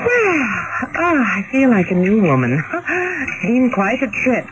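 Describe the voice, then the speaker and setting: An actress playing a cynical, worldly wealthy widow, arch and teasing, in a radio drama. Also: female voice, on the high side, big pitch swings, takes it slowly, loud music behind the voice, rough recording.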